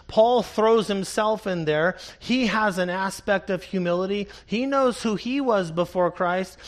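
A man preaching an expository sermon, earnest and emphatic, reading scripture slowly and repeating key phrases. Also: sits high. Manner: reads scripture slowly and deliberately. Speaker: pastor.

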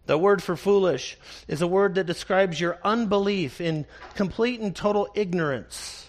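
A man preaching an expository sermon, earnest and emphatic, reading scripture slowly and repeating key phrases. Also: sits high. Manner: reads scripture slowly and deliberately. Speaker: pastor.

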